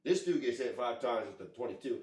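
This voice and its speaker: A man telling a story to his camera in a casual, rambling, excitable way, full of swearing. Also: medium pitch, a little fast. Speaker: vlogger. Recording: echoey room.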